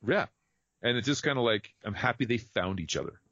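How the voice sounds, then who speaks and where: A man in relaxed casual chat about a film, agreeing and asking questions. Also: mid-range voice, a little fast, no echo. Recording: dull dry lo-fi sound.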